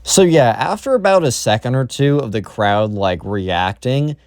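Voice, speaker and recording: A man's voice: mid-range voice, expressive, unhurried, a little mellow, no echo, studio quality. A young man narrating a story in a casual, rambling way, with lots of fillers and asides. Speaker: YouTube storyteller.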